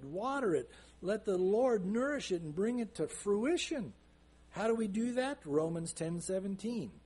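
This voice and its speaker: Husky high-voiced man preaching earnestly. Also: a little mellow. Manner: earnest preaching, slows down to stress scripture. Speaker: pastor. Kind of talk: sermon.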